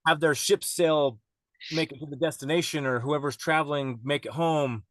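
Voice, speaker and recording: A man's voice: on the high side, fairly even intonation, normal speed, fairly bright tone, dry recording. Rambling, profane bearded podcast guest man. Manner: rambling, profane, laughs often. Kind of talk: casual storytelling chat.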